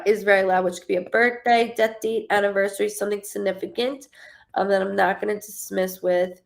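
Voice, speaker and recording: A woman in her thirties giving a live-streamed psychic reading, halting and stuttering, often repeating words as she searches. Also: medium pitch, level tone, gravelly. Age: 30s.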